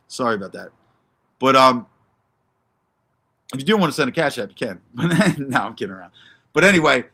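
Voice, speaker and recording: A man's voice: mid-range voice, sharp tone. A man hosting a livestream, ranting in a brash, profane, confrontational way and answering chat by name. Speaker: livestream host.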